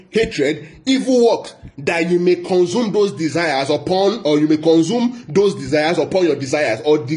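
A man with a fairly high voice delivers a Bible teaching sermon. He talks emphatically, repeats his key phrases and keeps asking rhetorical questions. He slows right down whenever he quotes scripture. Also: darkish tone. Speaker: preacher.

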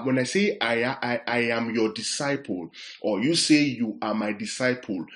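A man preaching a sermon, explaining word meanings step by step and often asking whether his listeners are following. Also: medium pitch. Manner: repeats "are we together?" to check the audience; explains words slowly, restating points. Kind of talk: sermon teaching.

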